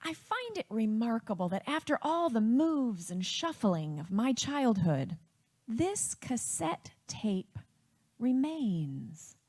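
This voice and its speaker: A woman from Wisconsin telling a personal family story in a reflective, unhurried way. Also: a little high, very animated, darkish tone.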